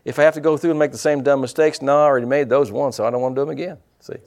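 Gravelly, blunt middle-aged preacher man. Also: mid-range voice, steady tone, racing, a little mellow. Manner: folksy, blunt preaching with quoted asides. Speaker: pastor. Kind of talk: sermon.

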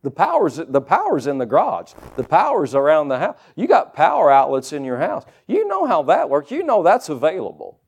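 Male preacher, high and very lively pitch, conversational sermon with homey examples. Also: normal speed, few pauses, slightly rough, lo-fi sound. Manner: animated, conversational, folksy asides. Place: church service with congregation.

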